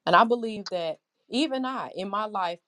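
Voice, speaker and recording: A woman's voice: medium pitch, expressive, moderate pace, a bit bright. A middle-aged woman preaching a Bible lesson in an impassioned, conversational way, often putting questions to her listeners.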